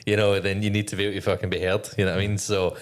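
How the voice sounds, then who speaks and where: A man in his thirties with a Scottish accent softened by years in Australia, chatting casually as a podcast guest, swearing freely and laughing often. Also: lowish voice, little pitch movement, racing. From Scotland. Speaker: podcast guest, navy veteran. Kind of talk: casual chat.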